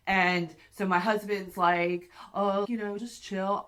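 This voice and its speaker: A woman's voice: medium pitch, slow pace, hardly any pauses, smooth. A woman in her thirties hosting a podcast, telling a candid, profane story casually and acting out what she and others said. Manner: candid, profane, animated retelling with acted-out quotes. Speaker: podcast host.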